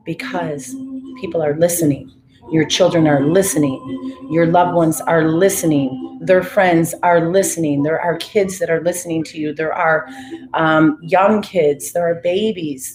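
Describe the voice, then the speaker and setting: A woman's voice: low-pitched, slight background noise, low-quality recording. Upbeat woman coaching a live class. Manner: upbeat, coaching, calls out names of live viewers. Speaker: fitness and breathwork instructor. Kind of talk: guided live class with affirmations.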